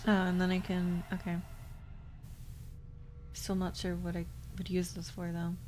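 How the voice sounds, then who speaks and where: A woman streaming a game in a soft-spoken ASMR style, quietly playful and muttering to herself. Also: on the low side, completely flat delivery, measured pace, a little hiss or hum.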